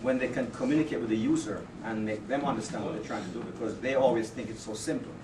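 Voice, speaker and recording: A man giving a casual farewell speech at a work party, chatty and jokey, halting often with fillers, reading part of it from his notes. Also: medium pitch, music in the background. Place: office party room. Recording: echoey room, distant mic, noisy.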